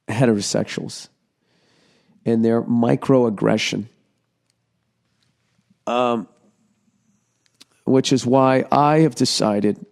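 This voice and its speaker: Man, middle-aged, podcast host, gravelly voice, profane sarcastic rant, comedic monologue. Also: mid-range voice, mellow.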